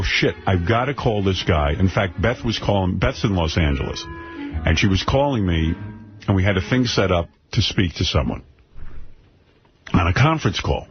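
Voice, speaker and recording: Animated, profane man telling a story. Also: sits low, normal speed, faint music behind. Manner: animated, profane, yells quoted lines. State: end of a cold. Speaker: radio host telling a story. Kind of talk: casual storytelling on talk radio. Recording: dull radio broadcast with faint noise.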